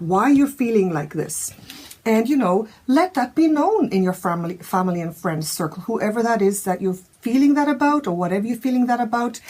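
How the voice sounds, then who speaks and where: A woman talks through a tarot reading in a relaxed, chatty way, thinking aloud with fillers and restarts. Her voice sits a little high and has a husky, breathy grain. She addresses the listener directly. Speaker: tarot reader.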